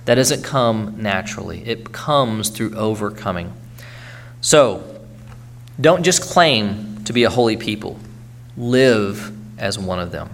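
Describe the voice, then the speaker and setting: A man's voice: fairly low pitch, lively intonation, slow pace, slight background noise. Earnest man preaching a sermon. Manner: earnest exhortation, frequent "okay?" check-ins.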